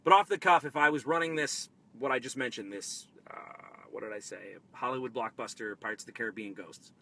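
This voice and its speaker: Hosting a live stream of tabletop-game advice, this energetic, excitable man swings from loud outbursts to quiet asides. His medium-pitched voice is gravelly and fairly quick.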